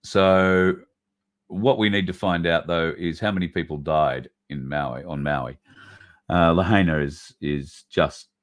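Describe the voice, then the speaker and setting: Blunt, swearing man with a very deep voice. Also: fairly even intonation, unhurried. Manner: blunt, swearing, ranting with sudden loud bursts. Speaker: livestream host. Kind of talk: livestream commentary reading viewer comments.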